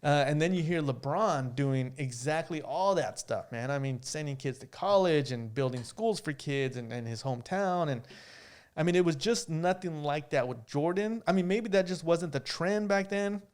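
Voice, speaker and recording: Male podcast co-host, smooth clear voice, a touch high, talks in circles, agrees a lot. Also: moderate pace, darkish tone. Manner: hesitant, agreeable, lots of "right, right" and restarts. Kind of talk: casual chat.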